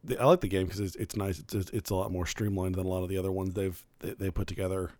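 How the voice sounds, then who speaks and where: A man's voice: deep voice, fast talker, no echo. A man in casual chat, a first-time game master who rambles, restarts his sentences and livens up when he tells a story. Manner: rambling, self-correcting, animated when telling stories.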